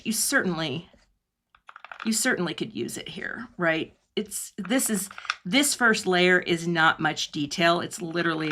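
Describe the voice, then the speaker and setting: A middle-aged woman teaching cardmaking in a live online demo, chatting and laughing often, her voice dropping low when she concentrates. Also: bright, forceful tone, slight background noise. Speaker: cardmaking instructor. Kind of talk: live online craft demonstration.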